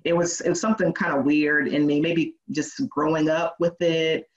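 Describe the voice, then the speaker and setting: A lawyer as a podcast guest, telling lively stories and acting out what people said. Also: mid-range voice, moderate pace. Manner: animated storytelling, acts out quoted voices, laughs often. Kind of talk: casual interview. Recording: dull, muffled sound.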